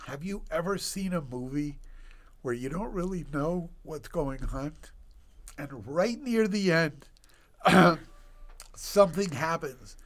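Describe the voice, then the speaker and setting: A man in his sixties tells his stories at an unhurried pace, with animated, expressive delivery and playful sound effects. His voice sits somewhat high for a man. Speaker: guest physician. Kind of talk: podcast storytelling.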